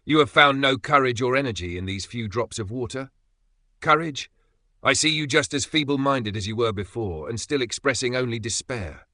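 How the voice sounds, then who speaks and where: A man's voice: medium pitch, normal speed, bright, forceful tone, no echo, pitched above the performer's own voice, lightly acted. A man voicing a fiery, stubborn old professor. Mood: scornful. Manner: commanding, scornful. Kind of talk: audiobook character voice.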